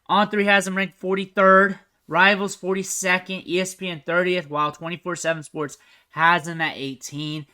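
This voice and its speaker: Bright-voiced man commenting on game film. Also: high voice, little pitch movement, normal speed, clear, resonant tone. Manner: chatty, thinks aloud, trails off quietly at sentence ends. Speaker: recruiting analyst host.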